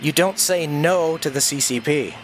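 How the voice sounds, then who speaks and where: A man's voice: on the high side, moderate pace. An older man on a livestream, ranting intensely in an emphatic monologue, repeating phrases for emphasis. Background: faint dark ambient music.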